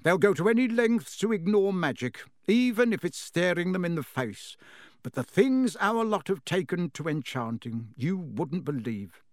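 A man's voice: sits high, expressive, moderate pace, no room sound, studio quality, pitched above the performer's own voice. A man voicing a tired, mild middle-aged wizard father who mumbles wearily and stammers when caught out. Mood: weary. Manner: weary, mumbling, then flustered and stammering.

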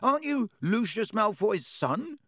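A man voicing a cheeky teenage boy who makes quick, curious remarks. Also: high voice, wildly swooping pitch, vocal fry, dry recording, studio quality, pitched above the performer's own voice, exaggerated voice.

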